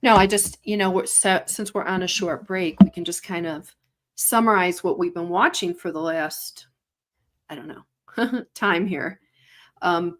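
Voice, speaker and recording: A woman co-hosting a live stream in casual chat, talking freely, laughing often and exclaiming. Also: medium pitch. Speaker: co-host.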